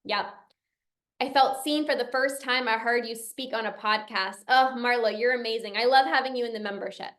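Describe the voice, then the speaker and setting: Young woman coach giving a pep talk, high voice, earnest and a bit emotional, keeps repeating herself for emphasis. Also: moderate pace, a bit bright. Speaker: binge eating coach and podcast host. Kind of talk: motivational talk, reading out member comments.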